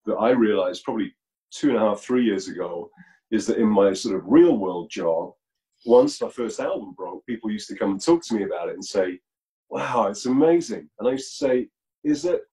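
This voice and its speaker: A man being interviewed as a musician over a video call, explaining his views in a reflective, measured way. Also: lowish voice, dark tone, rough recording. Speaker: musician guest.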